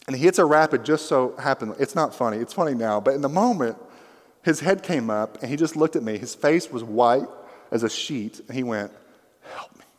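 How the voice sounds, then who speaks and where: A young man preaching a sermon through a microphone, telling a funny story with animated, rising excitement. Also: mid-range voice, big-room sound. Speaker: pastor.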